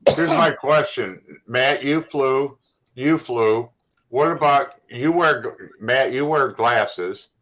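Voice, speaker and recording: A man's voice: mid-range voice, slow pace, fairly bright tone, rough recording. A man chatting on a casual panel, plain-spoken and full of questions. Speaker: panel guest.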